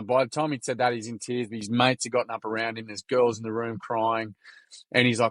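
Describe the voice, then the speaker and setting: A man's voice: medium pitch, a little fast, no echo. An Australian man who founded a youth workshop group, telling stories in casual chat, slangy and acting out quotes. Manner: animated, slangy, acts out quotes.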